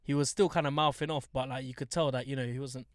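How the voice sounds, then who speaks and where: A young man with a London accent, co-hosting a podcast and telling a story in lively casual chat, acting out other people in high voices. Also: fast talker, dry recording, clean studio sound. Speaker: podcast co-host. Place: studio.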